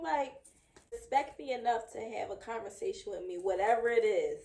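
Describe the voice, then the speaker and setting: A woman's voice: fairly high pitch, expressive, normal speed, dark tone. A woman in her thirties co-hosting a podcast, speaking frankly and emphatically in casual chat. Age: 30s. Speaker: podcast co-host. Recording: echoey room.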